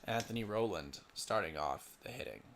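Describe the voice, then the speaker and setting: A man's voice: on the low side, animated, normal speed, a bit bright. A young man doing casual solo play-by-play for a simulated lacrosse game, stumbling over player names and muttering asides to himself.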